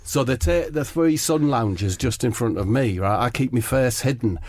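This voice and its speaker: A man's voice: mid-range voice, normal speed, darkish tone, no echo. A man telling a rambling comic story. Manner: conspiratorial, keeps checking in with "right?" and "yeah?". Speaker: comedy podcast co-host.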